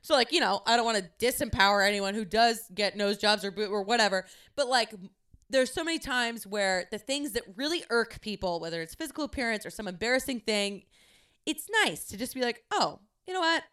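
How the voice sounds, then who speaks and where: A young woman hosting her own podcast, telling a story in a casual, chatty way with lots of swearing and animated quoting. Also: medium pitch, brisk, clear, resonant tone. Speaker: podcast host.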